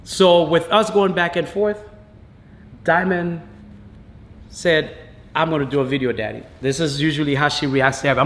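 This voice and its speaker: A man with a fairly high-pitched voice tells his story in a loose, conversational way. He switches into the voices of the people he quotes to act out what they said. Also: normal speed, pauses often. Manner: lively retelling that acts out quoted dialogue. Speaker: father interviewed as a guest. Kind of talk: casual storytelling.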